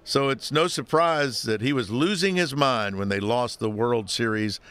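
A man's voice: medium pitch, moderate pace, a bit bright, clean tone. A man co-hosting a podcast in casual chat, jokey and wry, slipping into announcer mode for the sign-offs. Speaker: podcast co-host.

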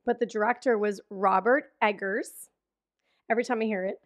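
A woman in her thirties co-hosting a podcast, telling stories in a giggly, animated way and swearing casually. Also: mid-range voice, moderate pace. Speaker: podcast co-host. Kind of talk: casual chat.

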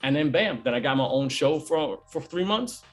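This man tells his story in lively, slang-heavy bursts, hyping up each turn. He is an event host and comedian chatting casually. Faint music plays quietly beneath him. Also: on the high side. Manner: animated storyteller, fast slangy talk. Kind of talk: casual podcast chat.

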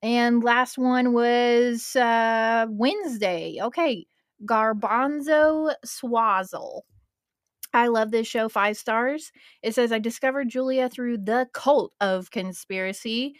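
A woman's voice: fairly high pitch, slow pace, no echo, clean studio sound. A woman in her twenties hosting a podcast, chatting casually and emotionally and swearing now and then. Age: 20s. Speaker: podcast host.

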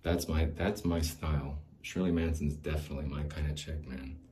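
A man's voice: a bass voice, fairly even intonation, moderate pace, mellow. A man hosting a podcast, talking alone in a loose, rambling way, with lots of restarts, casual swearing and laughs between thoughts. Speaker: podcast host.

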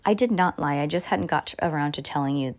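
A woman's voice: low voice, fairly quick. A woman voicing a stressed, defensive mother in a read-aloud storybook.

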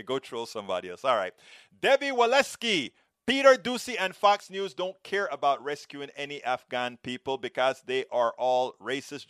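With a slightly high voice and studio-quality audio free of echo, a middle-aged Panamanian host reads comments on his live stream. His Panamanian Spanish accent shows in lively, expressive rolling of his R's.

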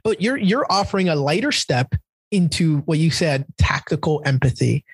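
A man hosts a podcast conversation in a somewhat high, husky voice. He muses reflectively and pokes fun at himself, dropping short affirmations while his guest talks. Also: expressive, moderate pace, dry recording. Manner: reflective, self-deprecating, frequent short affirmations. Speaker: podcast host. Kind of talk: conversational interview.

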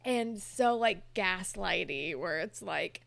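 A woman's voice: on the low side, lively intonation, slow pace, gravelly, a bit bright, dry recording. A young woman co-hosting a podcast, recapping a TV episode in casual chat and animatedly acting out the characters, with the odd swear and laugh. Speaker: podcast co-host.

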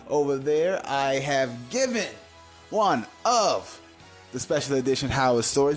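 A man from Washington, D.C. hosting a podcast, telling a story in a profane, rambling way, dropping from mumbles into loud outbursts. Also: mid-range voice. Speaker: podcast host. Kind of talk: casual storytelling podcast monologue.

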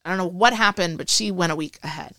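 A woman's voice: on the low side, fast talker, sharp tone, no room sound, studio quality. A woman as an interview guest, chatting casually and acting out quoted dialogue as she tells her story.

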